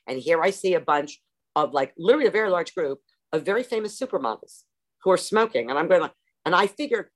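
Animated low-voiced woman telling her story. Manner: animated, theatrical, self-mocking humor. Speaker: speaker sharing her recovery story. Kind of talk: personal storytelling talk.

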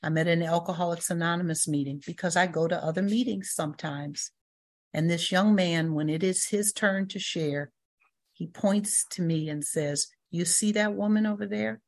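Low-voiced older woman telling her story. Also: normal speed. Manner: storytelling, acts out quoted voices, laughs. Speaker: recovery meeting speaker. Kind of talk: personal testimony talk.

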